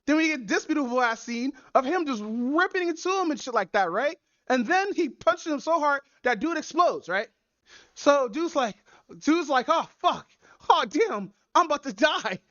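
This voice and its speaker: A woman's voice: high-pitched, lively intonation, normal speed, fairly bright tone, no echo, dull audio. A woman hosting a podcast, recapping a story in rambling, profane casual chat. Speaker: podcast host.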